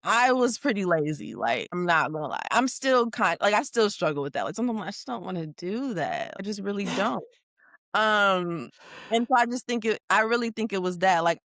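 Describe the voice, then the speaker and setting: A woman's voice: mid-range voice, expressive, a little fast, fairly bright tone, dry recording, studio quality. A young adult woman co-hosting a podcast, talking candidly in a rambling, casual way full of fillers. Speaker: podcast co-host. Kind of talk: casual chat.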